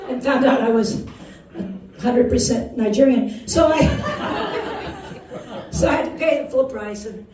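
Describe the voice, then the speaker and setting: A Wisconsin woman in her sixties performs stand-up on a bar comedy stage, poking fun at herself and laughing through her lines. Her voice is high-pitched, and the recording, made from far off, carries roomy bar acoustics, a noisy background, and an audience laughing.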